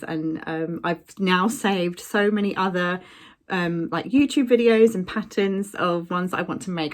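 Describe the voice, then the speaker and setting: Casting: young woman, crafting vlogger, easygoing rambling chat full of fillers. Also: medium pitch. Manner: chatty, rambling with many ums and likes. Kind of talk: casual chat.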